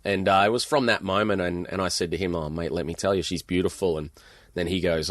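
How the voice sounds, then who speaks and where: Deep-voiced Australian man telling stories. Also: brisk, no echo, clean studio sound. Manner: animated, rambling anecdotes with Aussie slang. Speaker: guest author. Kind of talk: storytelling in a podcast interview.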